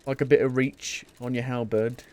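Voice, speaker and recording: A man's voice: medium pitch, little pitch movement, normal speed, a little mellow, faint music behind. A man giving casual, jokey live commentary while playing a video game, often muttering to himself. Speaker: gameplay streamer.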